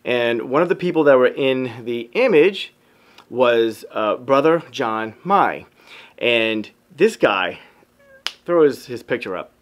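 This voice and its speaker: A man's voice: medium pitch, animated, slow pace. A man who works as a photographer, giving an upbeat motivational talk to his viewers and calling them y'all. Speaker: photographer and vlogger.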